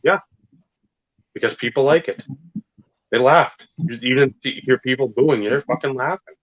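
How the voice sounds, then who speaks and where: On a dry, dull lo-fi recording, a man co-hosting a podcast speaks in a mid-range voice at a moderate pace. Talking wrestling like a true fan, he rambles casually, curses a lot and puts heavy emphasis on his points.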